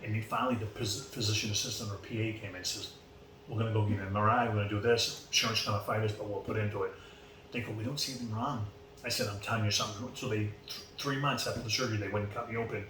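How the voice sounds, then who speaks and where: A podcast guest from Boston with a low voice tells stories casually, touching on racing, and animatedly acts out the quoted exchanges. The recording sounds roomy, with a distant mic and faint background noise.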